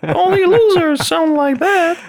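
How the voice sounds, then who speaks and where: A man doing a mocking impression of a male cartoon mouse in a very high falsetto squeak. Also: a little slow.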